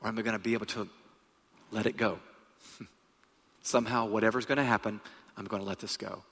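Husky preacher in a reverberant hall. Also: male voice, lowish voice, brisk. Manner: animated storyteller, swings from hushed to loud. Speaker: guest preacher. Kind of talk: sermon storytelling. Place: large church hall.

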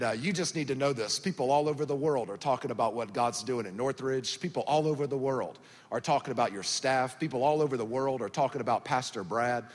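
A man in his thirties from Georgia with a Southern US accent, preaching as a guest pastor in a folksy, joking, conversational way. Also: medium pitch. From Georgia, USA. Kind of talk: sermon. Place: large church auditorium. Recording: church hall reverb.

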